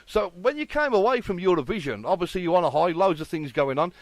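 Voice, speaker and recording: A man's voice: high voice, animated, fast, no echo. A man hosting a radio interview, eager and full of praise, often restarting his sentences. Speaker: radio host. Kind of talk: casual interview.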